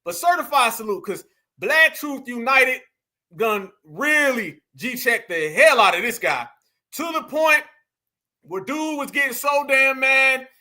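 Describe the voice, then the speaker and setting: A man's voice: extremely high pitch, expressive, measured pace, pushed and bright. A man hosting a casual reaction commentary, mocking and laughing as he talks to viewers he calls family. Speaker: commentary show host.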